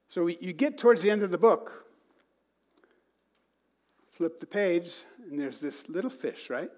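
A man preaching to a congregation, telling a story in an animated way and reading quoted lines in a slow sing-song. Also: high-pitched. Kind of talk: sermon.

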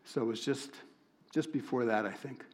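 Man, church speaker, sermon storytelling, animated, acts out dialogue. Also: mid-range voice, moderate pace.

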